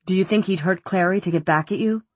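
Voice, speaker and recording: A woman's voice: on the low side, quick pace, husky, no echo. A woman reading the lines of a concerned, hesitant older man in an audiobook, in close to her own narrating voice. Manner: hesitant, questioning.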